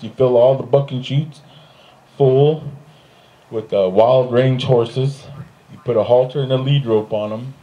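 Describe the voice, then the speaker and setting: A man doing stand-up comedy, telling a long story on stage and jumping into high, put-on voices for the other people in it. He laughs often at his own jokes. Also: mellow, lo-fi sound. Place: stage in front of a live audience.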